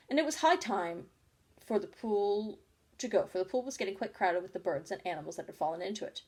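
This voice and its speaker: A woman reading a storybook chapter aloud at an unhurried pace, with small slips and self-corrections. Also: medium pitch, expressive, darkish tone. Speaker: audiobook reader.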